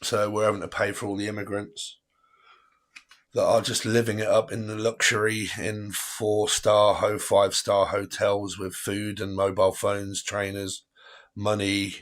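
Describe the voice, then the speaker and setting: A man with a lowish voice and flat delivery reads tarot on a livestream. He chats casually and rambles with his viewers, laughing often along the way.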